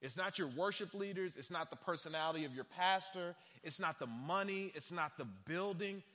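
Animated male preacher in a reverberant hall. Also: high-pitched, moderate pace. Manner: animated preaching with acted-out quotes. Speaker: pastor. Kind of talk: sermon. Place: large church hall.

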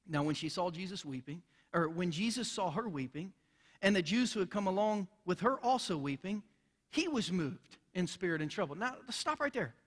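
A man's voice: high-pitched, fairly bright tone. A man preaching a sermon as pastor, earnest and emphatic, building in intensity as he drives his points home. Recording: long reverb of a large hall.

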